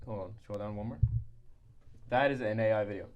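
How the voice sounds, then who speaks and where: A man's voice: fairly low pitch, brisk, lo-fi sound, heavy background noise. A man co-hosting a podcast, chatting casually and rambling with lots of fillers and restarts. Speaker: podcast co-host. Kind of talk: casual chat.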